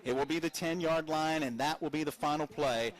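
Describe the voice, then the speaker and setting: Here a man with a West Virginian accent handles live play-by-play for high school football, mixing sponsor reads into the action. His delivery is rapid and conversational, full of asides, and it climbs in pitch and excitement whenever a big play happens.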